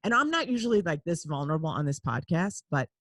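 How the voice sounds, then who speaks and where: A woman podcast host speaks in a candid, confessional way, her pitch leaping high and dropping low as she talks. She laughs often and moves between loud outbursts and quiet asides. The recording is close and dry, with no room sound. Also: sing-song, quick pace, no room sound.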